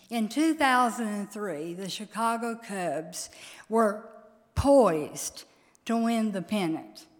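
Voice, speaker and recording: A woman preaching a heartfelt sermon in a large hall with a long reverb. She talks slowly and emphatically, her voice at a middle pitch, swelling into sudden loud peaks.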